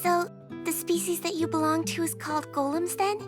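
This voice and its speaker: A woman's voice: very high-pitched, fairly even intonation, fairly quick, music in the background. A woman voicing a polite, earnest young witch heroine in an anime dub.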